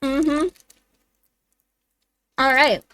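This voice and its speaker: A woman's voice: high voice, steady tone, extremely slow, fairly bright tone, dry recording, low-quality recording. A woman streamer chatting casually while watching game trailers, rambling and talking to her cat. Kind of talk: casual livestream chat.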